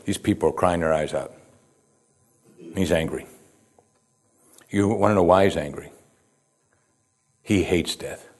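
A man's voice: sits low, darkish tone, breathy edge. A man preaching a sermon, reading scripture and explaining it with rhetorical questions and repeated "you see". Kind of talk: sermon, verse-by-verse Bible teaching.

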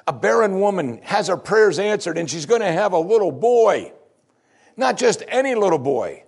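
A male pastor delivering a sermon with a husky edge to his voice. His pitch rises and falls in wide, lively sweeps. He preaches emphatically, moving between loud lines and hushed ones. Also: moderate pace.

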